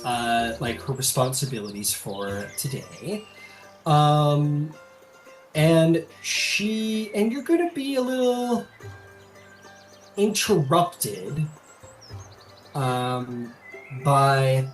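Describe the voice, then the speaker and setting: A man's voice: medium pitch, far from the mic. A man narrating a tabletop role-playing game as game master, loose and full of fillers. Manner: loose, filler-heavy, animated.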